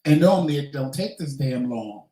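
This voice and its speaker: Mellow-voiced man chatting candidly. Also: mid-range voice, expressive, a little fast, echoey room, low-quality recording. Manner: candid, chatty, swears casually. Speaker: vlogger host. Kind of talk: casual Q&A chat.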